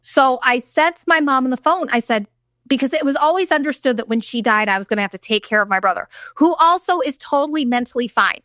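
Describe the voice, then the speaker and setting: A woman's voice: high-pitched, animated, fast talker, fairly bright tone, no room sound, clean studio sound. A woman in her thirties hosting her own show, telling a personal story bluntly, with profanity and acted-out quotes. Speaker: podcast host. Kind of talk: candid storytelling monologue.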